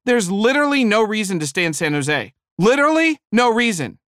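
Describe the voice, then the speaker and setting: A man's voice: sits high, expressive, normal speed, no echo, clean studio sound, voice pushed up. A man doing a cheery chatty churchgoer. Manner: bright, cheery.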